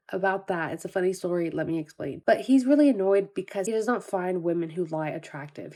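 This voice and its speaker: A woman's voice: fairly low pitch, dark tone. A woman in her early twenties chatting casually in a book vlog, full of "like" fillers. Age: early 20s. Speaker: book vlogger. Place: at home early morning, later outdoors at school.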